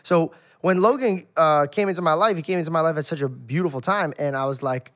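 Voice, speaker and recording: A man talks fast in casual podcast chat, earnest and reflective with some swearing mixed in. His voice sits higher than most men's. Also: a bit bright. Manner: earnest, reflective, then joking and profane.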